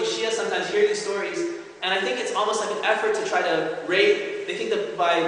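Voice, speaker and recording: In a large hall at an Islamic center, a man gives an earnest, explanatory religious lecture to a congregation, often checking in with his listeners. His voice is fairly high and fairly bright, picked up by a distant mic with slight background noise in a very echoey hall with long reverb.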